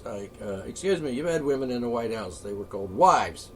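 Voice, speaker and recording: A man ranting off the cuff, profane and rambling, with frequent asides and throat-clearing. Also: mid-range voice, expressive, fast talker, few pauses. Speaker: political ranter. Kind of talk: off-the-cuff solo rant. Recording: voice a bit far from the mic, faint ambient noise.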